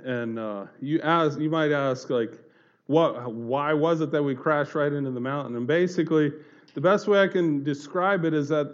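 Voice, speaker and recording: A man with an ordinary mid-pitched voice tells an audience his personal story in a sincere, unpolished way. He circles back on his words and fills pauses with small hesitations. The recording has a dull, lo-fi sound. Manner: earnest, halting, with many fillers and restarts. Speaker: speaker giving a personal testimony. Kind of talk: earnest spoken storytelling to an audience.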